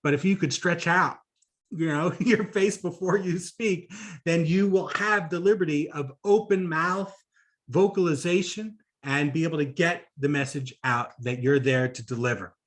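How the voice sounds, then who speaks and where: A man giving a conversational conference talk on public speaking, animated, with frequent fillers and asides. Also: a little high, normal speed.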